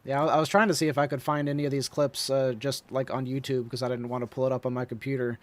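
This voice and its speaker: A man co-hosting a casual critical discussion, chatty and quick to laugh. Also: medium pitch, little pitch movement, no room sound. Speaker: podcast co-host.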